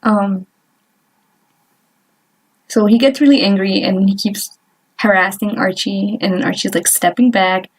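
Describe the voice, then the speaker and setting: A young woman vlogger chatting casually while she doodles, rambling and trailing off with lots of fillers and little laughs. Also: medium pitch. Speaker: artist vlogger.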